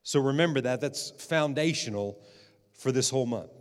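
A man's voice: mid-range voice, moderate pace. A man preaching a sermon as pastor, repeating phrases and calling out for amens. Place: church sanctuary. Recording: long hall reverb.

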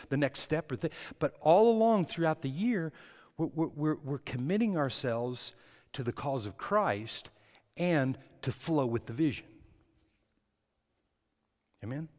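A man preaching a sermon as pastor, swinging between soft words and loud, impassioned stretches. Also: fairly high pitch, big-room sound. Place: church.

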